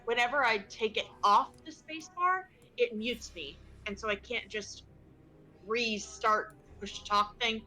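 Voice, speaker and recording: Flustered higher-voiced woman player. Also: unhurried, bright, forceful tone, low-quality recording. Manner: flustered, frustrated. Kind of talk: casual tabletop game chat.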